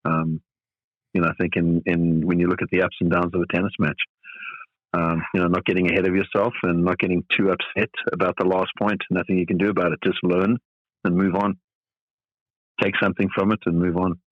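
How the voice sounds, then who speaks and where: A man's voice: low voice, little pitch movement, brisk, no room sound, narrow, tinny audio. A middle-aged man from South Africa, a tennis coach being interviewed on a podcast, talking thoughtfully with many fillers and restarts.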